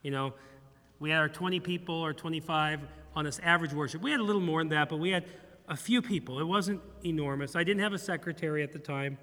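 A middle-aged man, a pastor, preaching a sermon in a church in an animated, humorous way, acting out bits of dialogue. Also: on the high side, fast talker, big-room sound. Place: church sanctuary.

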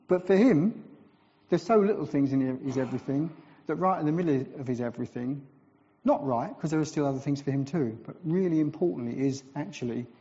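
A man from England, a visiting preacher, giving a sermon with animated storytelling and self-deprecating asides. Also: on the high side. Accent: English. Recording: dull recording with long church reverb.

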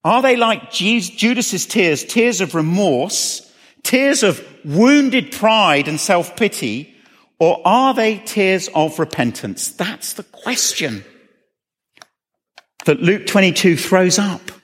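A man's voice: sits high, animated, slow, fairly bright tone. A man preaching a sermon, earnestly asking questions and repeating phrases for emphasis. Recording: long reverb of a hall.

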